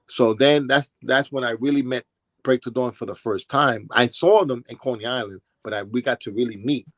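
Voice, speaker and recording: A man's voice: medium pitch, moderate pace, fairly bright tone, no echo. New York man telling stories, dry sound. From Brooklyn, New York. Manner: rambling, with restarts and acted-out quotes. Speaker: interviewee, former b-boy. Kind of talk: casual storytelling interview.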